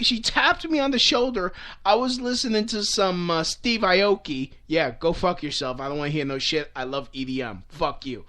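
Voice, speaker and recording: Talking to the camera, this young vlogger goes on a profane comedic rant that wanders all over, full of curses, restarts and laughter. He has a fairly high, expressive voice, a bit bright, at a moderate pace.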